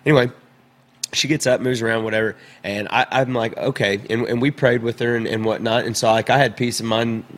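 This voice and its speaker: A man's voice: medium pitch, steady tone, fairly quick, fairly bright tone. A man hosting a podcast retells a family story in a middle-range voice. He speaks animatedly, restarts his sentences and acts out the voices of the people he quotes. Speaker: podcast host. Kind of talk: casual storytelling.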